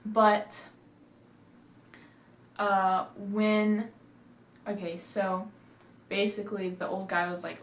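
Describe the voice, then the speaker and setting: A woman's voice: medium pitch, little pitch movement, slow, long pauses, a little hiss or hum. A woman casually reviewing a movie, rambling through the story with lots of "like," sitting at home. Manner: chatty, rambling retelling full of "like". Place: indoors at home, seated. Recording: echoey room.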